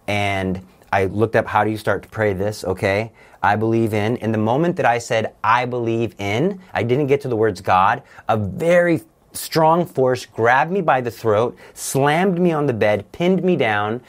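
A man appearing as a guest, giving an earnest and intense personal religious testimony. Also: lowish voice.

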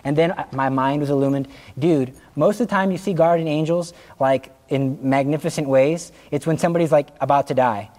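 Animated, storytelling male teacher. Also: a little high, a little fast, few pauses. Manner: animated storytelling, laughs at own jokes, acts out quotes. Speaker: religion class teacher. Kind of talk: anecdotal classroom talk.

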